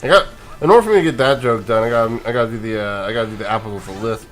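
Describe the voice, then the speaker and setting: While playing a video game, a let's-play gamer offers casual, rambling commentary, sleepy and yawning, chuckling and restarting sentences. His voice is fairly low and he talks at a racing pace over soft background music.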